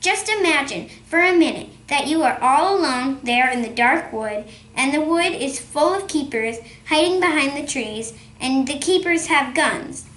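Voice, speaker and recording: A woman reading aloud, voicing a lively, conspiratorial father who tells stories with relish. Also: high voice, normal speed, few pauses, reverberant. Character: cheerful rural father, storyteller, man.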